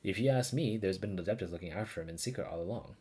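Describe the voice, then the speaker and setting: A man voicing a gruff, teasing middle-aged village uncle while reading game dialogue. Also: sits low, racing, darkish tone.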